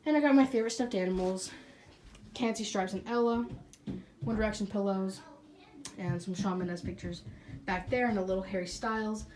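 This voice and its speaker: A woman's voice: medium pitch, normal speed, long pauses, a little mellow, slight background noise. A young woman in her late teens giving a bubbly, sassy tour of her bedroom, her nose stuffed up so she breathes hard. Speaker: beauty vlogger. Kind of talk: casual room tour chat.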